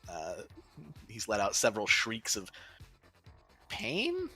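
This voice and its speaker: A man's voice: lowish voice, animated, fairly quick, fairly bright tone, faint music behind. A man acting as game master, narrating a tabletop game in an easygoing way and chuckling often as he makes rulings. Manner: chuckling, easygoing rules calls.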